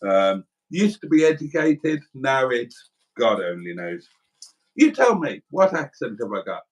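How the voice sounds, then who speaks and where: A middle-aged man from South Wales chats through a livestream, reading viewer comments aloud in a rambling, self-mocking way. His voice sits at an ordinary mid pitch. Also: sing-song, measured pace. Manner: rambling, self-deprecating, chatty. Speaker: livestream host.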